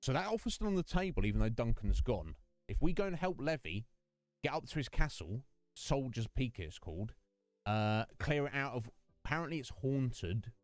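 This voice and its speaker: A man's voice: medium pitch, sing-song, normal speed, no echo, faint music behind. A man chatting casually with his stream viewers, rambling between topics and greeting them by name. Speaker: game streamer.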